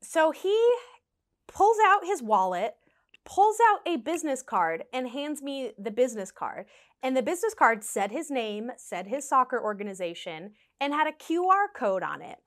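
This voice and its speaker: A young woman with a high, bright voice tells a dating story straight to her audience. She is animated and laughs often, and she jumps up in pitch when she acts out the people in her story. The talk is loose and chatty, full of "like" and asides. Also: moderate pace. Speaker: vlogger telling stories. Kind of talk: casual storytime.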